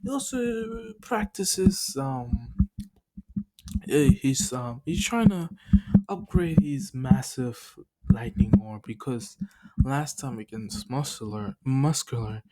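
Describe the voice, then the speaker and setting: A man's voice: mid-range voice, slow, heavy background noise. A man casually recapping a fan story as a channel host, rambling with many fillers and laughing at himself.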